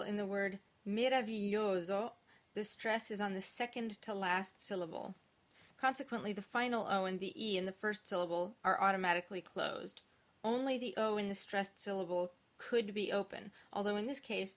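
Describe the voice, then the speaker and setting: A woman with a voice of middle pitch for her sex gives a singers' diction lesson. She lays out the rules one at a time in a clear, methodical way, like a teacher. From English-speaking country. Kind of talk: instructional video lesson.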